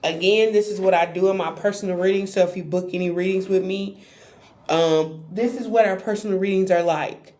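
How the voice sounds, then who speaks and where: A woman tarot reader chatting on a live stream, animated and playful, talking straight to her viewers. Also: medium pitch, a little fast. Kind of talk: live-stream spiritual reading chat.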